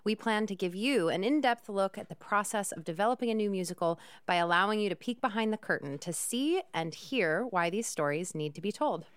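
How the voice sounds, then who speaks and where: A woman hosting an upbeat podcast interview. She is chatty and enthusiastic. Her voice sits at a middle pitch, and the recording is dry and close. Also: animated, a little fast, few pauses, smooth, dry recording. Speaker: podcast host.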